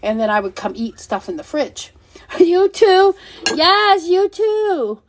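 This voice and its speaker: A middle-aged woman with a high, bright voice runs a laid-back livestream as both seller and host. She speaks slowly but is very animated, talking bluntly and energetically, cursing freely and laughing a lot with her viewers.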